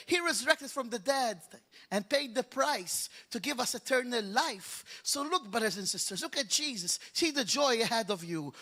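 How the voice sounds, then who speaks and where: A male pastor from Malta preaching a fervent sermon, driving his points home with repeated exhortations. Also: very high voice. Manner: rises into loud, half-sung declarations.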